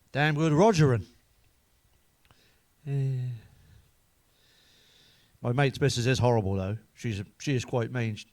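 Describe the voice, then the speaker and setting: A man runs through a string of crude jokes to camera, swearing freely. His voice sits at an ordinary middle pitch, and he chuckles at his own punchlines. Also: darkish tone, no echo. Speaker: comedian.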